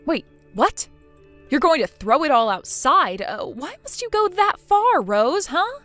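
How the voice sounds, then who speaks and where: A woman's voice: high voice, big pitch swings, measured pace, fairly bright tone, soft background music, voice pushed up, exaggerated voice. A synthetic woman's voice playing a defiant young daughter-in-law in a text-chat story, sarcastic and dismissive. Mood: upset.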